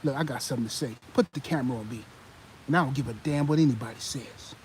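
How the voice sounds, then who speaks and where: A man doing an impression of a preachy male TV sports pundit, by turns measured and scolding. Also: mid-range voice, a little hiss or hum, voice pushed down, close to an everyday voice, low-quality recording. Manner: measured and calm, then loud and scolding.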